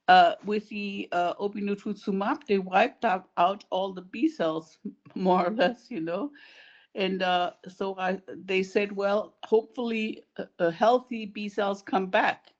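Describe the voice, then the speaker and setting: A woman's voice: mid-range voice, muffled recording. A woman talking thoughtfully and asking questions, with many fillers, in an online support group. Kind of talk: casual video call chat. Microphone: video call.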